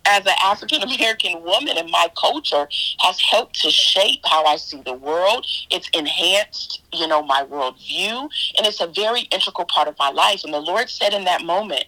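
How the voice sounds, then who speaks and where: A woman guest minister telling her faith testimony in an interview, animated and storytelling, often repeating her own words in quotes. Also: on the low side, moderate pace, few pauses, rough recording.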